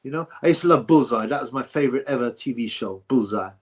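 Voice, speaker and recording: A man's voice: medium pitch, lively intonation, fast talker. Male livestream host; blunt, rambling, mocking, casual chat tone. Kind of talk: casual livestream chat answering viewer comments.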